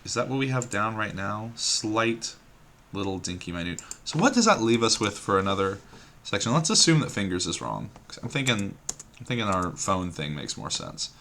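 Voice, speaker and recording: Low, bright-toned man musing through a puzzle. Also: sing-song, normal speed, a little hiss or hum. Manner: musing, hesitant, trailing off and repeating words to himself. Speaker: puzzle game streamer. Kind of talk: thinking aloud while solving a word puzzle.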